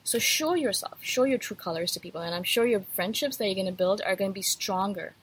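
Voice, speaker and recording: A woman's voice: medium pitch, brisk, husky, poor audio. A woman podcast host in a casual, blunt rant, speaking candidly and laughing easily, a little feverish. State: slightly feverish.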